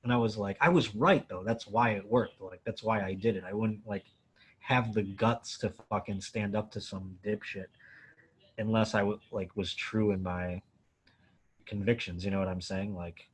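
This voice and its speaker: A comedian from Buffalo, New York, guesting at a Q&A, who tells a story in a casual, animated way, swearing often and saying "like" a lot. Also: male voice, fairly low pitch, moderate pace, breathy edge.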